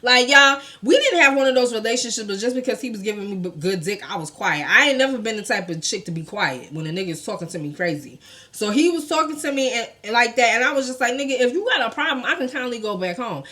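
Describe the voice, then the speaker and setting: A woman's voice: fairly high pitch, expressive, fast talker, sharp tone. A woman from New York with a New York accent, telling a storytime tale in a blunt, profane way, talking straight to the viewers. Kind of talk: casual storytime vlog.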